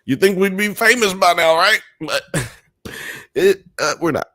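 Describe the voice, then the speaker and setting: A man's voice: high-pitched, expressive, measured pace, pushed and bright, dry recording, clean studio sound. A young man from Alabama, hosting a casual livestream and rambling through a story with plenty of swearing and sound effects. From Alabama, US South. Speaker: livestream podcast host.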